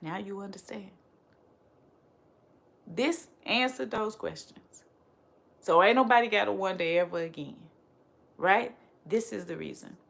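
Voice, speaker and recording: A woman speaking straight to her audience as a spiritual teacher, emphatic and repetitive, firing off rhetorical questions and dropping softly on her refrains. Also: mid-range voice, vocal fry. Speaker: spiritual teacher and channel host. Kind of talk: direct-to-camera motivational talk.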